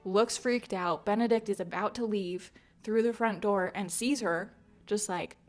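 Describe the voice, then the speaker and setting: A woman's voice: mid-range voice, unhurried. Chatty woman recapping a book. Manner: chatty, many "like" fillers, laughs often. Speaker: book channel host. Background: faint music.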